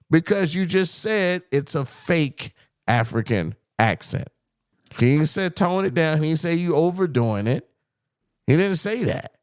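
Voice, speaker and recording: Animated, argumentative podcast co-host man. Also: fairly high pitch, dry recording, studio quality. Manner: heated, animated, profane, reads quotes in mock voices. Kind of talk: casual argumentative chat.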